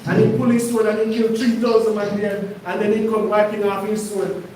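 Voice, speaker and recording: A man's voice: high voice, level tone, a little fast, a little mellow, a little hiss or hum. A man preaching to his congregation, emphatic and conversational, often putting questions to the listeners. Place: congregation hall. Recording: echoey room, mic far off.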